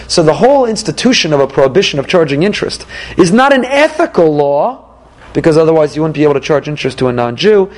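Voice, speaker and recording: A man, a rabbi, giving an emphatic Torah class with rhetorical questions and animated delivery. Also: fairly high pitch, fast talker, low-quality recording.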